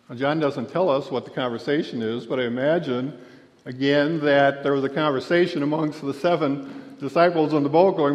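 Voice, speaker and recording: A pastor preaching a sermon, telling the story and voicing the people in it with a raised voice. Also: male voice, fairly high pitch, moderate pace. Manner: storytelling, acts out quotes with raised voice. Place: church sanctuary. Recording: dull lo-fi church recording with long reverb.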